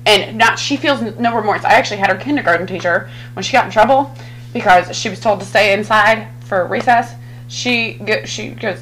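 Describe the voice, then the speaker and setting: A woman's voice: medium pitch, brisk, a bit bright, a little hiss or hum, low-quality recording. A woman hosting a podcast in casual chat, talking bluntly and swearing freely. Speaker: podcast host.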